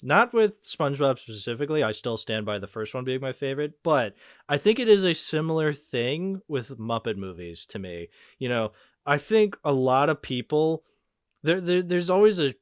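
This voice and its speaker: Excitable rambling man, dry close mic. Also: mid-range voice, no room sound. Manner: rambling, excitable, swears freely. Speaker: podcast host. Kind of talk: casual movie-review chat.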